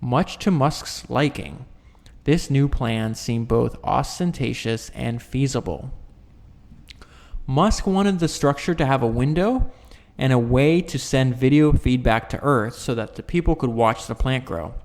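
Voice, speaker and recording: A man at an ordinary middle pitch reads a nonfiction book aloud. He often trips over words and restarts the sentence, and he drops in offhand explanations for the listener. His voice rings with a long echo, as if he is in a large hard room. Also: measured pace, darkish tone. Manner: stumbles and restarts mid-sentence, corrects himself. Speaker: book reader and commentator. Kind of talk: reading a nonfiction book aloud with casual asides.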